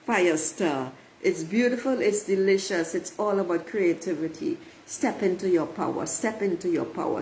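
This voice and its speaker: A woman reads oracle cards in an unhurried, deliberate way, lingering on each phrase. She speaks emphatically, repeats her affirmations and talks straight to her listeners. A faint hiss of noise sits under her voice. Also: fairly low pitch, expressive, darkish tone, rough recording. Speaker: oracle card reader. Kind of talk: spiritual card reading to viewers.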